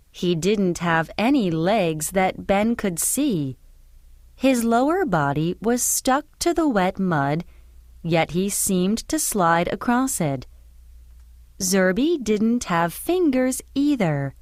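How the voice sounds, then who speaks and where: A woman narrating a children's storybook in a clear, expressive way. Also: medium pitch, no echo, studio quality.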